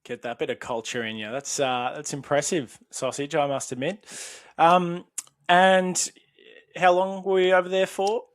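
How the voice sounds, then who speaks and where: A man's voice: a little high, level tone, normal speed. An Australian man co-hosting a casual podcast, asking questions and teasing his friend in mock-serious banter. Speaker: podcast co-host. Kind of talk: casual chat.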